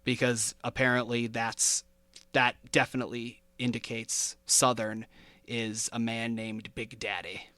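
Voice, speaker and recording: A man's voice: mid-range voice, level tone, a little slow, bright, forceful tone, clear, resonant tone, dry recording. A man hosting a podcast, chatting casually and working through his notes with fillers and easy laughter. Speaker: podcast host. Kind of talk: casual chat.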